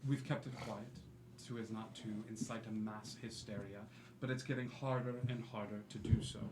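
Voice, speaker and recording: A man voicing a grim, wounded guard who speaks low, measured and grave in an echoey room. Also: fairly even intonation, natural voice. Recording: echoey room with faint noise.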